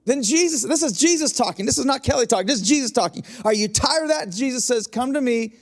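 A man's voice: extremely high pitch, animated, quick pace. A man preaching a passionate sermon as pastor, with emphatic repetitions and direct asides to his congregation.

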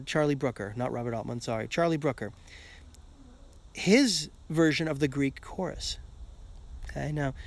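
A man hosting a podcast in a casual solo monologue, rambling and checking in with "okay?" as he goes. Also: a little high. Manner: rambling, keeps asking "okay?", swears casually. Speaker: podcast host.

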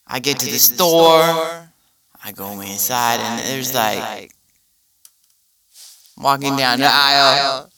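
A man's voice: medium pitch, takes it slowly, pauses often, pushed and bright, recorded from a distance. A man hosting a comedy podcast, rambling through a profane, incredulous monologue. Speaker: podcast host.

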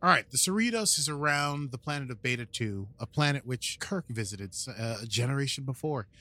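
A man's voice: medium pitch, animated, brisk, pushed and bright. A man co-hosting a podcast, chatting playfully with frequent laughter and recapping an episode. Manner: playful, jokey, laughs often. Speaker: podcast co-host.

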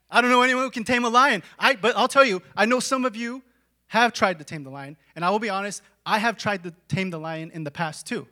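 A man preaching a sermon in a conversational way, full of "like" and "right?", dropping to a hush and then rising to shouts. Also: sits high. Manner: dramatic swings from hushed to shouting.

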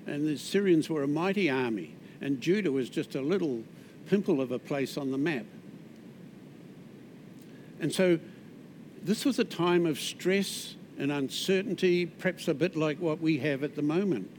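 A man with a New Zealand accent preaching a sermon in a conversational way, with asides and restarts, often dropping soft on key words. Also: on the high side, animated, normal speed, slight background noise.

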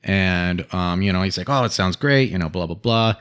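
A man's voice: deep voice, moderate pace, a bit bright, smooth. Laid-back man in joking film chat. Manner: laid-back, jokey, slangy asides. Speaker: co-host reviewing a film. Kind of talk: casual chat.

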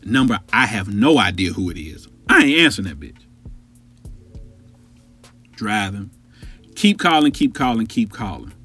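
A podcast host tells a story straight to his listeners, animated and profane, his husky, slightly breathy voice swinging widely in pitch. It sits fairly low and moves a little slowly with long pauses, and faint music plays behind him.

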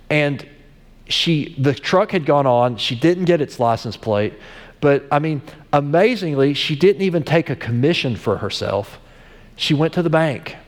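A man of average pitch delivers a sermon in a relaxed, conversational way, telling stories and often restarting his sentences. His voice rings out through a church hall with long reverb. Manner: conversational storytelling with frequent restarts. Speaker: pastor.

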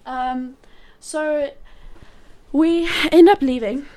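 A woman with a high voice tells a chaotic family story as a podcast co-host. Her talk is loose and animated, swearing freely and laughing as she goes. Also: extremely slow. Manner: profane, animated, laughs often. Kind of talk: casual storytelling.

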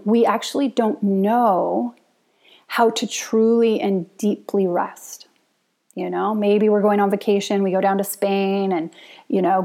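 A woman yoga and Ayurveda teacher giving a reflective talk in a gentle, unhurried way, laughing often as she speaks. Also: mid-range voice.

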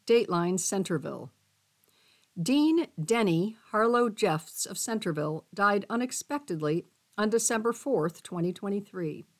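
A woman reading a local newspaper column and obituaries aloud for a radio reading service, with expressive delivery. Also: medium pitch. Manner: expressive reading, voicing quotes. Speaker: volunteer newspaper reader.

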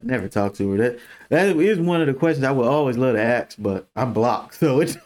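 Animated, profane young man telling a story. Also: mid-range voice, brisk. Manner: animated, profane, laughs often, acts out quoted voices. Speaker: podcast co-host. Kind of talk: casual storytelling chat.

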